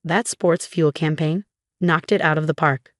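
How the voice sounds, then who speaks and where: A woman voicing a brisk, businesslike female office boss who is hard to read. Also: deep voice, steady tone, no echo, studio quality.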